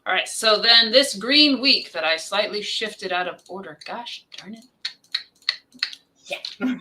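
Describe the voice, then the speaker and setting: A woman's voice: medium pitch, slow, pushed and bright, low-quality recording. A woman co-hosting a live stream, chatting casually and thinking aloud as she works. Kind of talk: casual chat.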